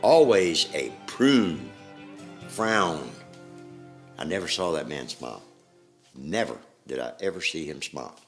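An older man speaks in a very deep, rough, gravelly voice. He tells his own story plainly in an interview, halting and restarting as the details come back. Faint music plays underneath. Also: big pitch swings. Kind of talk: recounting personal memories.

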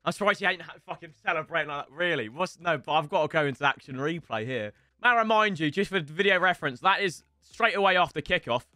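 Excitable young man, high and lively. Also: fast, hardly any pauses, no room sound, studio quality. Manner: excitable, swearing, sudden shouts and mutters. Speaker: gaming streamer. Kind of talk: casual live commentary over gameplay.

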